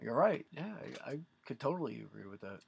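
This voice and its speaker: Animated, swearing male co-host. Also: mid-range voice, quick pace, gravelly, breathy edge. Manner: animated, enthusiastic, swears freely. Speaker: podcast co-host. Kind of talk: casual chat.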